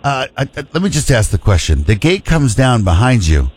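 A man's voice: mid-range voice, sing-song, a little mellow. A man co-hosting a radio call-in show, joking and chatting casually with callers. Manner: joking, quick asides.

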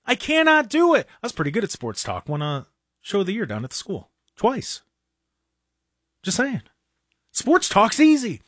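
A man's voice: high voice, wildly swooping pitch, moderate pace, pauses often, no echo, studio quality. A man hosting a talk show, delivering a heated, exasperated rant with frequent stammering restarts and mocking jabs.

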